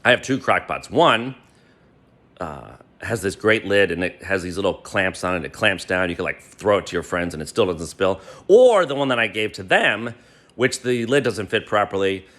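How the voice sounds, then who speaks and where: A man telling a personal story to a friend, animated and swearing freely. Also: sits low, normal speed. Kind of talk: gleeful personal anecdote.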